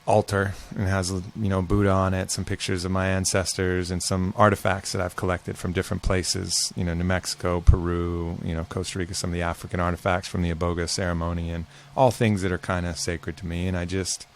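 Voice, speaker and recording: A man's voice: deep voice, little pitch movement, a little fast, few pauses, slight background noise. A man as a podcast guest, talking casually and earnestly about facing fear, with some swearing. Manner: earnest, reflective, profane. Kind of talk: casual conversation.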